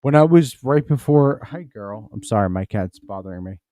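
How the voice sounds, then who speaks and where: A man's voice: on the low side, animated, normal speed, dark tone, no room sound. A tipsy man hosting a comedy podcast from home, rambling, stumbling over his words and cursing as he reacts to a news clip. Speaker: podcast host. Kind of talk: casual comedic commentary.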